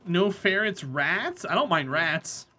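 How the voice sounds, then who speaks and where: A woman's voice: fairly low pitch, sing-song, takes it slowly, bright, forceful tone. A woman streaming a game live and chatting casually with viewers, blunt and opinionated as she answers them by name. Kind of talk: casual live-stream chat while gaming.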